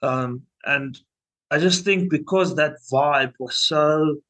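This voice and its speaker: A man's voice: on the high side, slow pace, fairly bright tone, low-quality recording. A young man, a band's vocalist, telling stories in a casual interview, full of restarts and fillers. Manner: rambling, many restarts and fillers. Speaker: band vocalist.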